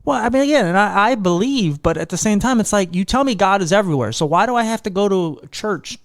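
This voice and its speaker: A man's voice: sits high, expressive, fast talker, dry recording, clean studio sound. A man hosting a casual podcast conversation, talking in a sarcastic way and swearing freely. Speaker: podcast host.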